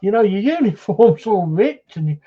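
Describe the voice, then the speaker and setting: Man, raised but mellow voice, storytelling paranormal investigator, lo-fi camcorder sound. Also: sits high, lively intonation, normal speed, breathy edge. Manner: retells a story with many "he says" and acted quotes. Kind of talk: casual storytelling chat.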